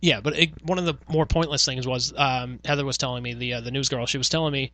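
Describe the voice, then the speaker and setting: Fast-talking, swearing New man. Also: medium pitch, fairly even intonation, pushed and bright, no echo. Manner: profane storytelling, acts out quoted exchanges. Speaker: podcast host, former radio worker. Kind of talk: casual chat.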